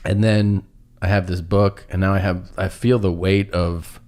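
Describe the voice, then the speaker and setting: A man's voice: sits low, flat delivery, unhurried, a little mellow. A man telling a long rambling anecdote on a podcast, laughing at himself as he goes. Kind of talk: casual storytelling.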